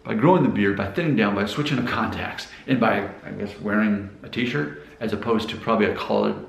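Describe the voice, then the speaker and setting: A man's voice: on the low side, fairly quick, gravelly, dull audio, a little hiss or hum. An American man in his forties, a vlogger talking casually to camera and putting questions straight to his viewers. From United States. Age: 40s. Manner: questioning viewers directly, gesturing as he talks. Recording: roomy echo.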